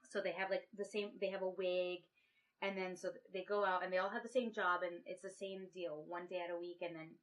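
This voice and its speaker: A woman's voice: lowish voice, fairly even intonation, a little fast. Rambling woman recapping a movie plot. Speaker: podcast co-host. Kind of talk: casual chat.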